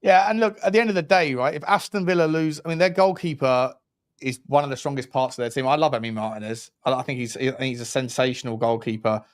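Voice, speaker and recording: A man co-hosting a football talk livestream, chatty and upbeat, with blunt opinions and quick shout-outs to viewers. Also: mid-range voice. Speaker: co-host.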